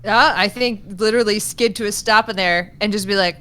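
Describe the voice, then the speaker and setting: A woman's voice: mid-range voice, fairly quick, pushed and bright, clean tone. A woman playing a tabletop game, playful and joking. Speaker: player. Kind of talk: casual tabletop play.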